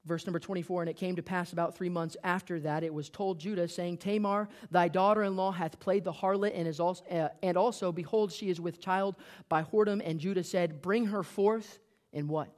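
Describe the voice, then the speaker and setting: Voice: medium pitch, fairly even intonation, a little fast, hardly any pauses, darkish tone. A preacher giving an emphatic sermon, reading archaic scripture aloud and asking the congregation rhetorical questions. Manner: reads archaic scripture aloud, then comments.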